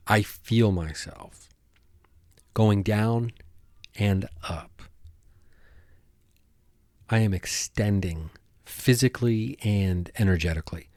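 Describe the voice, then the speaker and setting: A man hosting a podcast, talking alone in a rambling, halting way with many restarts. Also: fairly low pitch, a little mellow, dry recording, studio quality. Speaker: podcast host. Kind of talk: casual monologue.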